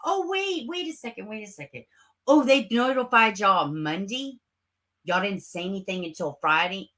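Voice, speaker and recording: Her voice lowish and her pace unhurried, a woman hosts a relaxed livestream and responds to chat comments. Recorded on her camera mic while sitting close to it at home, she's sarcastic and lively, with frequent swearing and laughter.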